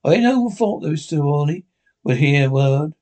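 A gruff, stern ship captain, blunt and formal, pitched above the reader's own voice, as a man reads him aloud. His lines come out clipped and firm, like a storybook officer laying down the law. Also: animated, moderate pace, dark tone, natural voice. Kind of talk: audiobook character reading.

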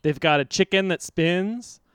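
A man playing a goofy thirty-something sidekick on a comedy talk show, rambling excitedly through a story. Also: sits high, measured pace, clean tone, dry recording, studio quality. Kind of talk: scripted comedy podcast.

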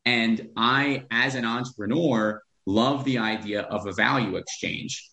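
A man's voice: medium pitch, measured pace, vocal fry, sharp tone, roomy sound. A man who is a real estate investor, talking bluntly with profanity as a podcast guest. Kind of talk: podcast interview.

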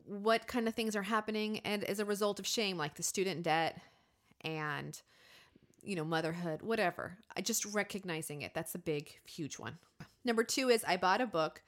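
A woman in her thirties hosting a podcast, talking openly and animatedly about her own life and acting out her inner voices. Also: fairly low pitch. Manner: open, animated, confessional storytelling with acted inner voices. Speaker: podcast host. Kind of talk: candid conversational podcast talk.

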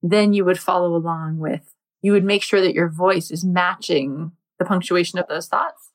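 A woman's voice: lowish voice, fairly even intonation, moderate pace. A woman interviewing a guest, asking conversational questions with casual fillers. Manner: chatty, uses fillers like 'like' and 'you know'.

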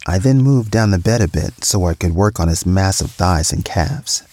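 Deep-voiced man reading a story. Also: expressive, normal speed, darkish tone. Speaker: podcast storyteller. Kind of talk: scripted first-person story narration.

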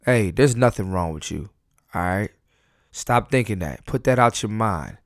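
A man hosting a casual solo podcast from home, high on weed, loose and rambling, laughing and cursing as he talks. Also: animated, measured pace, no room sound, studio quality. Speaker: podcast host.

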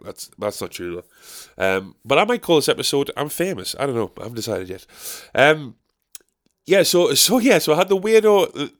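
A man's voice: on the low side, fairly bright tone. A man hosting a solo podcast, rambling casually, swearing and making fun of himself. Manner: rambling, profane, self-mocking. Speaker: podcast host. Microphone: podcast microphone.

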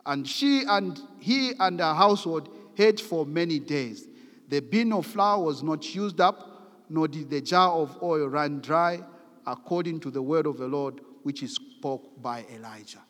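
A man preaches a sermon, pushing scripture readings with mounting emphasis. His voice sits high for a man. The sound rings with a long hall reverb. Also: lively intonation, measured pace, fairly bright tone. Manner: emphatic, reads scripture aloud with rising force.

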